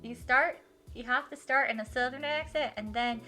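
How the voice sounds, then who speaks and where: A woman's voice: sits high, normal speed, sharp tone, soft background music. A young woman streaming a game, chatting and reading aloud with a giggly, self-deprecating manner. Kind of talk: live-stream game playthrough with read-aloud.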